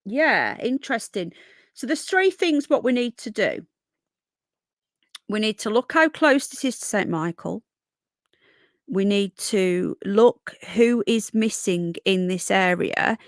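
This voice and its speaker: Woman, live-stream host, mid pitch, talkative and casual, dry close sound. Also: no room sound. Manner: chatty, thinks aloud, greets viewers by name.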